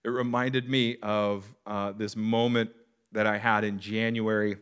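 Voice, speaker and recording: A man preaching a sermon as a pastor, telling stories in an animated way and acting out the voices of a crowd. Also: on the low side, unhurried, smooth.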